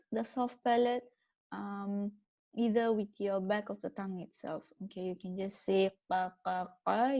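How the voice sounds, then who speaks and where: A woman teaching letter pronunciation at a slow, unhurried pace. She is patient and sounds each syllable out again and again for her students. Her voice sits at a middle pitch. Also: no echo. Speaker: Quran recitation teacher. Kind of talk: tajweed pronunciation lesson.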